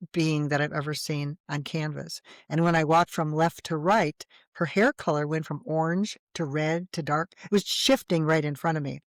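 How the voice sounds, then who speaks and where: A woman guest in an interview, telling her personal story in a lively, animated way. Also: deep voice, no echo.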